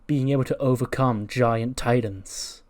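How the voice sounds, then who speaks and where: A man's voice: medium pitch, steady tone, unhurried, a little mellow, close to an everyday voice. A man voicing a confident male wrestling mentor who talks in a bossy, instructive way.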